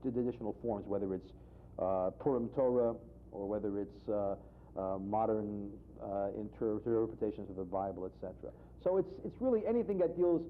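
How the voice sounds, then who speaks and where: A man, a humorist guest in a TV studio, telling a joke and talking about humor, acting out voices with big jumps in pitch. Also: slight background noise. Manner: animated storyteller, acts out characters with sharp jumps in pitch. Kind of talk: joke telling and interview talk. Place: television studio. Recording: tinny phone-like archive broadcast.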